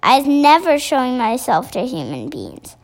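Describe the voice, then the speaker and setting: A woman reading the part of a big, gentle male giant who mangles his grammar, in a storybook reading. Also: sits high, huge pitch swings, measured pace, full character voice. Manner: odd made-up words, broken grammar.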